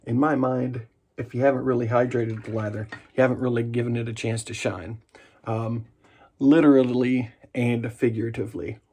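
A man's voice: mid-range voice, normal speed, breathy edge. A man chatting casually and jokingly as he narrates his own shave in a vlog. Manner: relaxed, chatty and jokey while shaving. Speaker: wet shaving vlogger.

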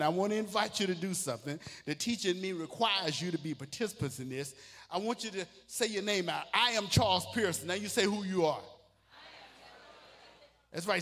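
A man with a St. Louis accent preaches to his congregation, trading call-and-response lines with them and rising to shouted declarations. His voice sits high, and a long church-hall reverb trails behind every phrase. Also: husky. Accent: St. Louis, Missouri. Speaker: pastor. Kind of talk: sermon. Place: church sanctuary.

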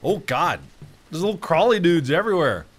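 A man in his thirties hosting a casual co-op horror game session, joking and swinging between loud yelps and low mutters. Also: very animated, fairly quick. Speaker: host. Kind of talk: casual co-op gaming chat. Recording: noisy game audio mix.

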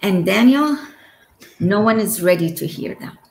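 A woman in her forties from Egypt tells her personal story slowly and earnestly. Her words carry a little roomy echo, and her middle-pitched voice breaks into the odd quick giggle. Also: animated, gravelly. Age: 40s. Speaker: guest telling her near-death story. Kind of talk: emotional personal testimony.

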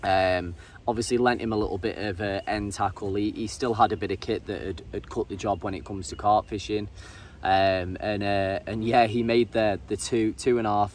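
An English man narrating his fishing vlog in a casual, halting way, often repeating words and saying um. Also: on the low side. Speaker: angler and vlogger. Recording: distant mic with faint ambient noise.

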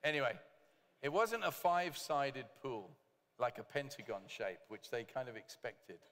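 A man preaching a sermon as pastor, lively, with joking asides to the congregation. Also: medium pitch, normal speed, in a large hall. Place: church hall.

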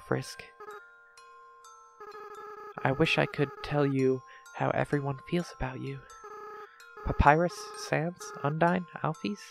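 A man reading the lines of a remorseful young goat-monster boy prince from a game, slowly and apologetically. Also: fairly high pitch, gravelly. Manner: slow, tearful, apologetic reading. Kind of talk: reading game dialogue aloud.

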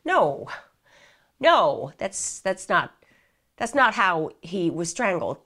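A woman's voice: fairly low pitch, big pitch swings, takes it slowly, bright, forceful tone, heavily acted. A woman voicing a pushy male police interrogator with an American accent, impatient and leading.

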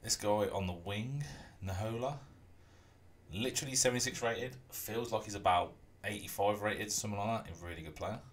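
Deep-voiced guy streaming a game. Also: normal speed. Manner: relaxed, rambling, hums to himself. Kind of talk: casual gameplay commentary.

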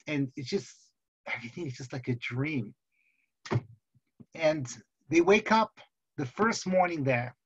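Man, rabbi, high voice, animated storytelling, slightly muffled recording. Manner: animated storyteller who acts out characters. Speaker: rabbi teaching seminary students. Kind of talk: Torah lecture with storytelling.

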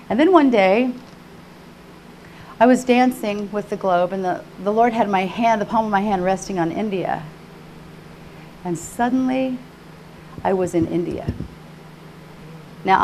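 An older woman preaching an emotional personal testimony sermon, fervent and repetitive, swinging from hushed tones to crying out. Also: lowish voice, vocal fry, slight background noise. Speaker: conference speaker.

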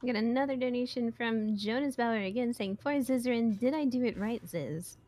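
A woman's voice: a little high, normal speed, a little mellow. A woman reading out donations on a live game stream, in a dry, teasing, matter-of-fact manner. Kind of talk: casual live-stream commentary.

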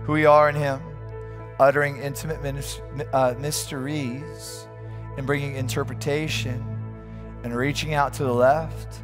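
A man's voice: mid-range voice, flat delivery, unhurried, over music. A man preaching a fervent sermon as a pastor, stumbling over restarts as he tells a story.

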